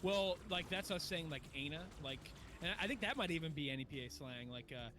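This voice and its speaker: A man's voice: fairly high pitch, expressive, fairly quick, background noise. A man from northeastern Pennsylvania with a local accent, rambling and swearing in a casual chat as podcast co-host. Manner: rambling, swears, laughs easily. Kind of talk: casual chat while gaming.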